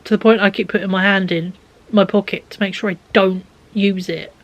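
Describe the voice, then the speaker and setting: A young woman chatting casually in a home vlog from her bedroom, tired and rambling, often dropping to a soft near-whisper. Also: mid-range voice, fairly even intonation, a little fast, muffled recording. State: exhausted. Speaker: vlogger. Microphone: handheld camera.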